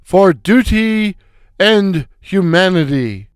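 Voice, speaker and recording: A man voicing a gruff, bossy middle-aged male slapstick comedian who barks sarcastic insults. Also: high-pitched, slow pace, dry recording, clean studio sound, soft background music.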